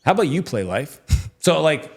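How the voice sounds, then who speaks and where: A man's voice: on the high side, very animated, moderate pace, gravelly, breathy edge. A middle-aged man speaking as a guest in a casual interview, telling stories in a chatty way with lots of fillers and acted-out dialogue. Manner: chatty storytelling, many fillers, acts out quoted dialogue.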